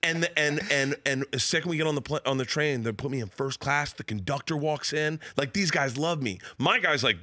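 Brief: comedian guest from Florida, forties, male; bright, animated storyteller who jumps into characters' voices; dry studio sound. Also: brisk, few pauses, dry recording. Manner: acts out characters with wild pitch jumps and laughter.

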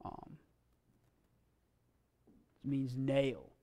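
A man's voice: medium pitch, dark tone, a little hiss or hum. Man lecturing in an echoing hall. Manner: folksy, halting, with many fillers and restarts. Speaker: Bible language teacher. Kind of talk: classroom lecture. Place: church classroom. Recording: long reverb from a hall.

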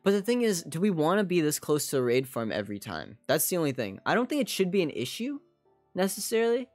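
A man's voice: a little high, big pitch swings, fast, a little mellow, no echo, soft background music. A man streaming a game and chatting casually with his viewers. He rambles a lot and fills his talk with "like". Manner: rambling, many "like" fillers, talks to chat. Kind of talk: casual live gaming chat.

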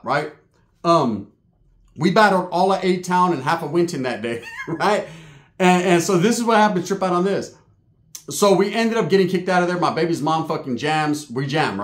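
A man telling a street story in slangy, casual talk, shouting high when he acts out other people. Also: brisk. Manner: slangy, animated, voices others with loud high yells. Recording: echoey room.

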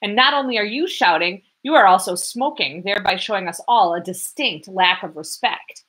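A woman's voice: medium pitch, moderate pace, fairly bright tone, close to an everyday voice. A woman voicing a feverish young male student who talks back defiantly. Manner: defiant, raised voice.

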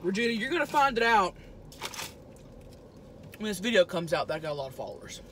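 A woman's voice: mid-range voice, very animated, fairly quick, a bit bright, a little hiss or hum. A woman playing a brash, crude trailer-park woman who talks while eating noisily in a car. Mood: boastful. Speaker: mukbang vlogger character. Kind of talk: improvised character comedy. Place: inside a car.

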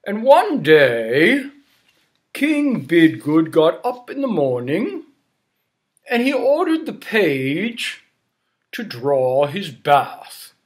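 A man telling stories to children in a playful, animated way, inviting listeners to join in. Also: fairly high pitch, very slow. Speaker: storyteller. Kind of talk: storytelling for children.

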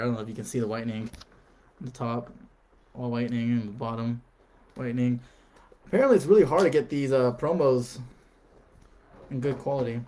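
A young man streaming live, casually calling out cards as he opens packs and breaking into excited shouts at good pulls. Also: mid-range voice, slight background noise. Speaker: card-opening streamer. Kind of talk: live card pack opening.

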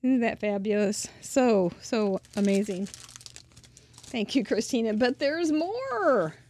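A woman's voice: fairly high pitch, animated, slow pace, darkish tone, a little hiss or hum. A woman hosting a craft channel, gushing and chatty as she shows off mail she was sent, often laughing. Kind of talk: casual show-and-tell of mail.

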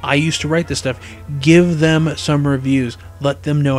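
A man narrating a fan story, rambling casually in his asides, his voice going hoarse. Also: fairly high pitch, steady tone, a little slow, soft background music. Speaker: storyteller, fan fiction reader.

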